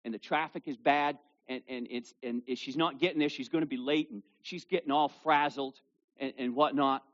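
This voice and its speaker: A male pastor preaching a sermon to a congregation with kids present, reading scripture loudly and dropping low for asides. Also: fairly even intonation, normal speed, dull audio. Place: church service with children present.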